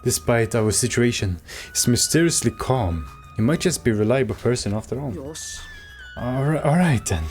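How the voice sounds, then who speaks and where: A man's voice: medium pitch, animated, moderate pace, a little mellow, soft background music, natural voice. A man voicing the reflective inner monologue of an uncertain young male student in a video game.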